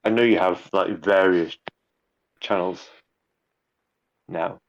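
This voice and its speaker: A man's voice: low voice, steady tone, slow, muffled recording. A man chatting casually in an interview, rambling a little with repeated words and fillers. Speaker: guest, YouTube narrator.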